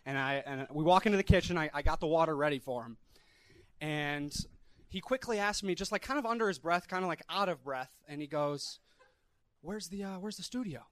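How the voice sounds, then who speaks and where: A man's voice: on the high side, brisk, a bit bright, clean tone, dry recording. A man co-hosting a live podcast show, telling a long anecdote in a rambling way, with frequent restarts. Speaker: podcast co-host.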